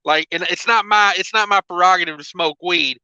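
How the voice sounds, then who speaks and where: A man with a high-pitched, sharp voice talks fairly fast while hosting a trucking livestream, his laid-back chat rambling and packed with fillers. There's no room sound, and the audio is dull, lo-fi, and dry.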